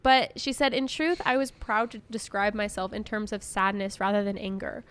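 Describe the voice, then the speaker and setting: A woman's voice: medium pitch, steady tone, moderate pace, smooth. A young woman co-hosting a podcast in casual chat, talkative and laughing often as she acts out her own inner voice. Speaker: podcast co-host.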